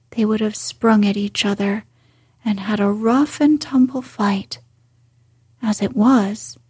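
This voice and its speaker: A woman narrating a classic children's story in a soft, breathy whisper, slow and measured. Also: mid-range voice, no echo, clean studio sound. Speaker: audiobook narrator.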